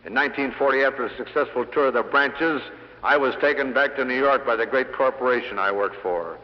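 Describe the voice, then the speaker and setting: Addressing a hall audience after dinner, a middle-aged sales lecturer tells anecdotes with punchy, dry humor, speaking briskly at medium pitch. The recording is a dull 1960 LP of the speech.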